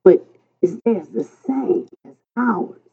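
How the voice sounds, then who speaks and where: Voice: mid-range voice, animated, slow pace, voice pushed up. A storyteller voicing a grizzled old male park worker who talks in a folksy, hesitant, stammering way. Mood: puzzled. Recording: tinny phone-like sound.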